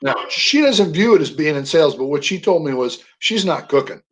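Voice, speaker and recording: An older man speaks as a guest on a radio show. His voice sits a bit high for a man. He tells his stories with lively stress on key words. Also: a little fast, low-quality recording. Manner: storytelling, animated emphasis on words. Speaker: guest, veteran. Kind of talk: radio interview.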